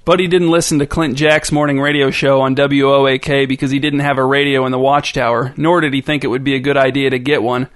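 A man's voice: mid-range voice, flat delivery, fast, few pauses, fairly bright tone. A man reading a story aloud as narrator in a dry, wry manner.

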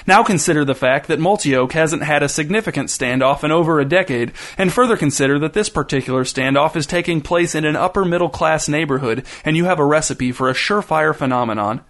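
A man's voice: fairly high pitch, fairly quick, hardly any pauses, fairly bright tone. A man voicing a pompous male expert speaking on television.

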